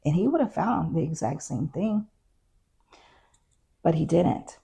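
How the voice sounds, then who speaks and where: Low-pitched and gravelly yet mellow, with a breathy edge, her expressive voice moves a little slowly. She is a middle-aged former constable guesting on an interview, casually narrating her story and acting out other people's lines in quoted dialogue.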